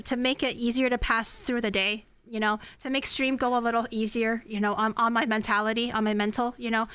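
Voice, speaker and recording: Bright-voiced woman chatting on a cooking stream. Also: a little high, smooth. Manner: chatty, self-mocking, swears. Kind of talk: casual cooking livestream chat.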